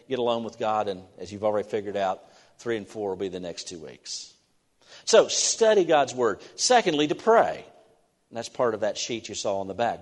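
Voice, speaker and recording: A man preaching a sermon in a church, earnest and halting, with restarts as he talks. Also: medium pitch. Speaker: pastor. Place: church sanctuary. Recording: long hall reverb.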